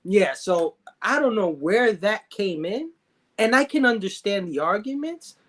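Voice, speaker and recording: A man's voice: sits high, expressive, unhurried, fairly bright tone. Laid-back male podcast guest. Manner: laid-back, agreeable, frequent "yeah" and laughter. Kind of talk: casual conversation.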